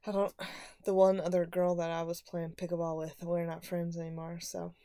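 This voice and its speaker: A woman's voice: lowish voice, completely flat delivery, normal speed, warm tone, no echo, clean studio sound. A young woman chatting casually as a podcast co-host, easygoing, laughing along and chiming in. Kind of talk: casual chat.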